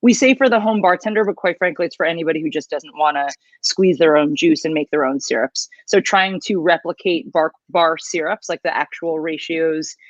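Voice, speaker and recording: A woman's voice: low-pitched, fairly quick, no echo. Upbeat woman on muffled call audio. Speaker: guest, drinks brand founder. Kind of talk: interview answers. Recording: dull, slightly lo-fi remote audio.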